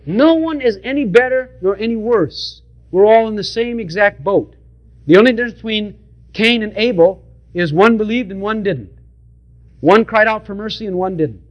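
High-voiced preacher, emphatic sermon. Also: male voice, animated, normal speed, lo-fi sound. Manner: emphatic, repetitive, direct address to the congregation.

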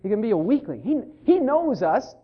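Male preacher, sermon, high voice, lively swings in pitch, folksy asides, dull lo-fi recording. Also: fairly quick. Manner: animated, acts out quoted voices, folksy asides.

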